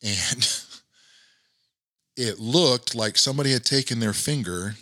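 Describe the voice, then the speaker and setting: A man's voice: mid-range voice, lively intonation, slow pace, pushed and bright, no room sound, studio quality. Earnest man telling a personal story. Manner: earnest, reflective, many fillers. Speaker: guest.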